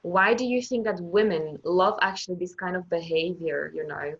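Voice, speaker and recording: A woman's voice: on the low side, normal speed, husky, lo-fi sound. A woman hosting an online panel, encouraging and affirming her guest. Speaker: panel host. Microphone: video call.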